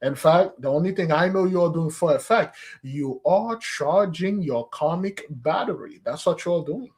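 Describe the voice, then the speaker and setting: A man's voice: fairly high pitch, expressive, unhurried, darkish tone. A man giving a spiritual teaching, speaking emphatically, calling his listeners "beloved" and slipping into street slang. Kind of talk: preaching address on a fasting day.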